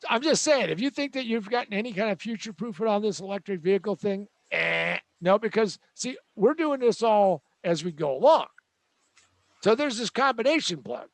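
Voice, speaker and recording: A man's voice: high voice, expressive, normal speed, gravelly, dry recording. A man hosting a show, delivering a joking, sarcastic tech rant with a rambling manner. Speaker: host.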